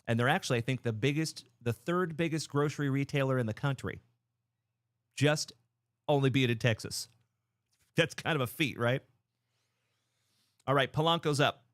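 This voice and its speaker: Brief: man, 30s, upbeat livestream card-break host, mid-pitched, dry close-mic sound, chatty and excited. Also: normal speed, long pauses, dry recording. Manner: excited, chatty, shouting out viewers. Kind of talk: casual livestream chat.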